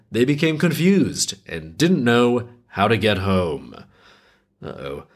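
A man hosting a podcast, reading a folk tale aloud and breaking off for sarcastic, profane, exasperated commentary. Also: mid-range voice. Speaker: podcast host.

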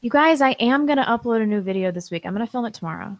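A woman's voice: a little high, lively intonation, rapid-fire, dry recording. A woman co-hosting a call-in show, reading listener messages aloud with sardonic asides. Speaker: podcast co-host reading chat messages. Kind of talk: casual call-in show chat.

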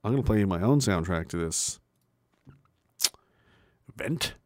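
Animated, swearing male streamer. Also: low-pitched, measured pace, no echo, clean studio sound. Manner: animated, laughing, swearing, trails off into mutters. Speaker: livestreamer. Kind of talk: casual live-stream commentary.

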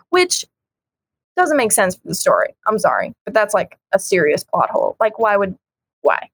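A woman's voice: mid-range voice, very animated, normal speed, dry recording. A woman co-hosting a casual chat about a comic, frank and giggly, acting out lines as she goes. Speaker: podcast co-host.

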